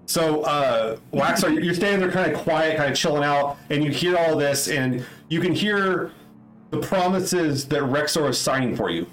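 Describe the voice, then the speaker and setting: A man's voice: on the high side, expressive, normal speed, fairly bright tone, echoey room, faint music behind, rough recording. A man narrating a tabletop game as game master who rambles, restarts, and fills his speech with "like" and "uh.". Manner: rambling, many fillers and restarts.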